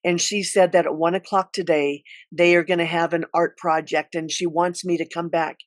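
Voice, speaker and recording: A middle-aged woman school counselor telling a personal story in an earnest, halting way, with many restarts. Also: fairly low pitch, flat delivery, no room sound.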